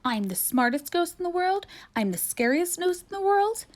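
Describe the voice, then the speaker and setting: A woman's voice: very high-pitched, very animated, moderate pace, voice pushed up. A woman voicing a boastful young girl ghost in a storybook reading. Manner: bragging, indignant.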